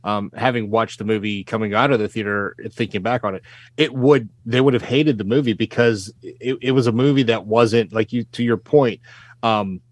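A man in a casual film discussion who thinks aloud, halting and filling pauses as he talks. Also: on the low side, no room sound.

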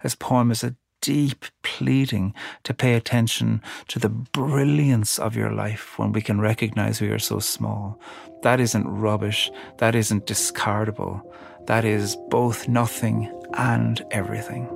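A man hosting a podcast, reading a poem slowly and then reflecting on it in a measured, contemplative way. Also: lowish voice, little pitch movement, creaky, faint music behind. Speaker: podcast host. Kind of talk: poetry reading and reflective commentary.

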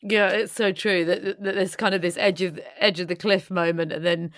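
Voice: medium pitch, fairly even intonation, moderate pace, fairly bright tone, no echo, studio quality. A podcast host in casual conversation, reflective and searching for words.

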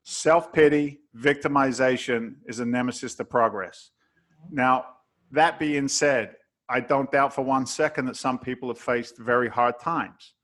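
A man's voice: medium pitch, fairly even intonation, measured pace, a bit bright. A man from England, a guest entrepreneur on an interview podcast, giving emphatic, preachy motivational advice with blunt wording and a bit of swearing.

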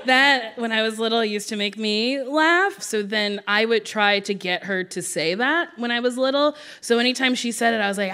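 A woman comedian being interviewed on a theater stage, animated and laughing often as she acts out voices in her stories. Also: fairly high pitch, normal speed, hardly any pauses, clean tone. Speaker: comedian guest. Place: theater stage before live audience.

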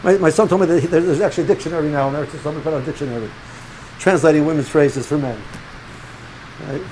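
Talking fast in a high voice, a male rabbi delivers an animated, informal religious lecture to students, full of restarts, repeated words, and Hebrew and Yiddish terms. The recording is rough, with a little hiss or hum.

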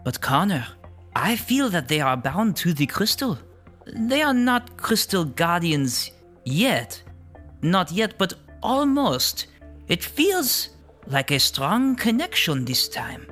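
A man voicing a gentle, kindly female forest spirit with a raised, lilting voice. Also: sits high, very animated, slow, faint music behind, voice pushed up, heavily acted. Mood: earnest.

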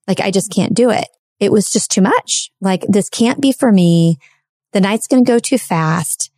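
A woman's voice: medium pitch, lively intonation, moderate pace, dark tone, no room sound, studio quality. Chatty woman telling a heartfelt story. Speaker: podcast host. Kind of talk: casual podcast conversation.

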